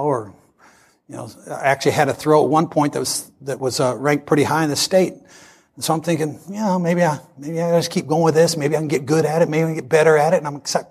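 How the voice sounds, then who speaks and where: A man in his sixties preaching a sermon, telling a personal story in an animated way and acting out the dialogue. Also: fairly high pitch, vocal fry, breathy edge. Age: 60s.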